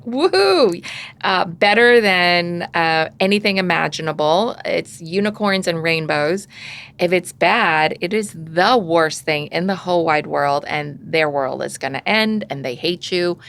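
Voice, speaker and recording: Gravelly-voiced woman giving parenting advice. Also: on the low side, measured pace, fairly bright tone. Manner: conversational, acts out parent and child voices. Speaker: parenting podcast guest expert. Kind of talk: casual advice chat.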